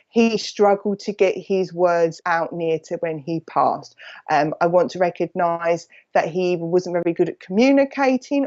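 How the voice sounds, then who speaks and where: A woman with an Essex accent giving a live mediumship reading, chatty and affectionate, hopping quickly from one thought to the next. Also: lowish voice, a little mellow, dull audio. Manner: rambling, jumps between thoughts; chatty and affectionate, calls people "my lovely". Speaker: psychic medium.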